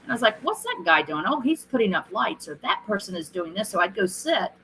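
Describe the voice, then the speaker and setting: A middle-aged woman, a film director being interviewed, telling stories in a casual, animated way and acting out what people said. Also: mid-range voice, a little fast, a little hiss or hum, poor audio. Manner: animated storyteller who acts out quoted lines.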